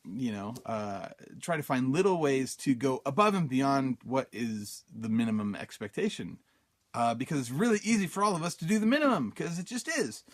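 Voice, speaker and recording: A man's voice: medium pitch, lively intonation, normal speed. A man hosting a self-help podcast, telling a personal story casually, with many fillers, and acting out his own thoughts in quotes. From Utah, USA. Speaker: podcast host.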